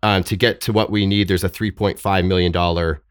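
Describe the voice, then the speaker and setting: Deep-voiced man, halting and thoughtful. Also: steady tone, clear, resonant tone, no echo, clean studio sound. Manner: thoughtful, halting, frequent restarts and fillers. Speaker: guest. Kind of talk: podcast interview.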